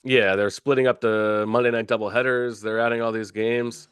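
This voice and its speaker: A man's voice: mid-range voice, flat delivery, moderate pace, fairly bright tone, smooth, no echo, studio quality. A man talking sports as a guest on a casual show, opinionated, often restarting his sentences.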